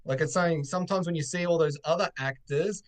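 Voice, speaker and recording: A man's voice: a little high, brisk. A man co-hosting an interview show on a video call, asking long rambling questions full of fillers. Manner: hesitant, filler-heavy, rambling. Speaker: podcast co-host. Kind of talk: casual interview chat.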